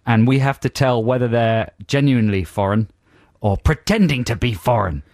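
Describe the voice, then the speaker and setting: A man's voice: medium pitch, moderate pace, darkish tone, dry recording. A man co-hosting a radio show, bantering dryly and teasing callers. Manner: dry, joking, teasing. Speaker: radio co-host.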